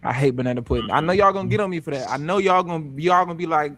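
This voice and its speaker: A man's voice: on the high side, very fast, crowd noise. A man co-hosting a casual panel talk show, talking animatedly and repeating himself. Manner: animated, repeats himself, playful Caribbean put-on voice at times. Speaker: podcast co-host.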